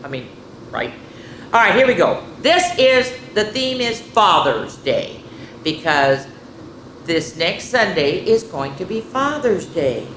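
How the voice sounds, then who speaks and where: A woman hosting a children's story time speaks in a playful, cheerful way, addressing young listeners directly. Her voice sits slightly low but swings widely in pitch, and she takes her time. The room gives her voice a noticeable echo. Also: sing-song, takes it slowly, a bit bright, slight background noise. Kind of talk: reading a picture book aloud to children. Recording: roomy echo.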